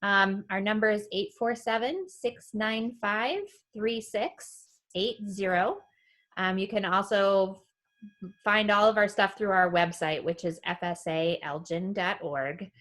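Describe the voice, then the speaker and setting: A woman's voice: medium pitch, slow pace, a bit bright. A woman being interviewed as head of a family services agency, earnest and practical, with a few ums. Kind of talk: interview guest.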